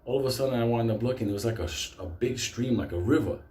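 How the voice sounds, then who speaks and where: Man, swearing storyteller, mellow voice, echoey room. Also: mid-range voice, fast. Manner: profane, animated, swears constantly. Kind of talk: casual spoken storytelling.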